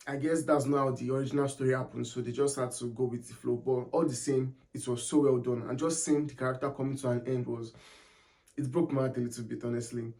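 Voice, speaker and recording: Young guy gushing about a show, mid pitch, keeps repeating stuff for emphasis. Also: a little mellow. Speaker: TV series reviewer. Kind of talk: casual video review.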